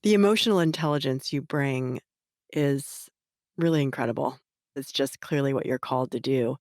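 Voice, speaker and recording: A woman hosts an interview podcast, her voice sitting low for a woman. She speaks in a measured, admiring way. The sound is dry and close to the mic. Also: a little mellow, no echo. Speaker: podcast host.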